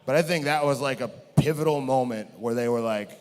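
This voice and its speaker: A man's voice: mid-range voice, a little fast, darkish tone. A man telling a story from his career in a rambling, self-mocking way, with many restarts. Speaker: guest. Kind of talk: storytelling on a podcast. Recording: long hall reverb.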